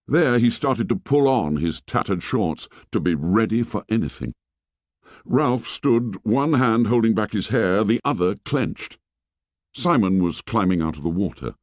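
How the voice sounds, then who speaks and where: A man narrating a novel as an audiobook, reading dramatically and sinking low and soft on grim lines. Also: animated, measured pace, dry recording, studio quality.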